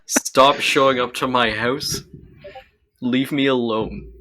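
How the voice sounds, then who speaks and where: A man's voice: medium pitch, steady tone, slow, bright, forceful tone, poor audio. A young man co-hosting a podcast, chatting casually and joking while showing his restoration project. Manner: joking, laughs often, trails off with ums. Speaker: podcast co-host presenting his vehicle restoration. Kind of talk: casual chat.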